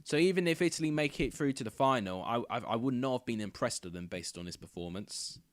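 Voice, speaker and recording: A young man hosting a football watchalong, chatting casually and calling the match live, getting loud and excited when chances come close. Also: medium pitch, fairly quick. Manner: chatty, rambling, bursts into excited shouts at near misses.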